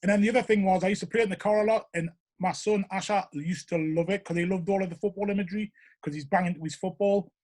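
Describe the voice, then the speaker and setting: Middle-aged Geordie man, high-pitched, fast, chatty and rambling. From Newcastle, England. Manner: rambling, animated, lots of 'you know what I mean'. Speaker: interviewee, show regular. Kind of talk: casual storytelling interview.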